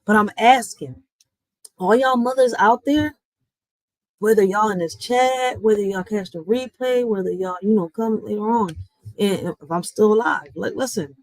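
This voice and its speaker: A woman's voice: medium pitch, dry recording, rough recording. A woman streamer talking to her live chat in a blunt, heated rant, swearing and addressing viewers directly. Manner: blunt and heated, swearing, with sudden loud and quiet swings; talks straight to viewers, often with "listen" and "y'all". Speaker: reaction streamer.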